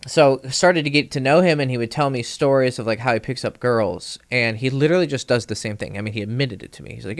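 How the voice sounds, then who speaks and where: A man's voice: fast, few pauses, no room sound. A man, a dating coach, telling a long casual story on a livestream, swearing freely and acting out the quoted lines of others. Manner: rambling, profane, acts out quoted dialogue with rising pitch; many fillers and restarts.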